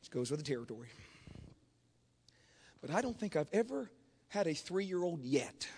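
A man's voice: on the high side, very animated, moderate pace, a little mellow, long reverb tail, slight background noise. A man preaching a Pentecostal revival sermon, telling stories and calling on the congregation to respond. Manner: storytelling preacher, calls on the congregation.

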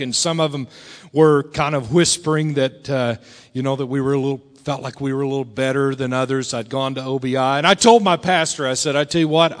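A middle-aged man preaching a storytelling sermon in a church, folksy and animated, swinging between loud bursts and low, quiet lines. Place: church sanctuary. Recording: long reverb of a large hall.

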